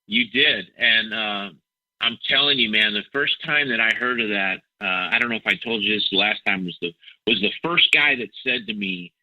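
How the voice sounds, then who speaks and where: Middle-aged man, nasal, lowish voice, very bright tone, rambling chat, dull dry lo-fi sound. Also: moderate pace, no echo. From Ohio, US. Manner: rambling, repeats words, self-mocking humor. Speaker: musician guest. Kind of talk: casual interview chat. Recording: dull dry phone-like audio.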